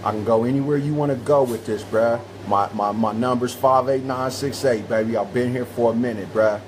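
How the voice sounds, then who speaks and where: An emphatic man lectures with a preacher's insistence, his voice pitched in the ordinary middle range. He drops street slang and talks in long, hammering lines. A faint hiss of noise sits under him. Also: steady tone, a little fast. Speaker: guest speaker. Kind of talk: livestream talk show discussion.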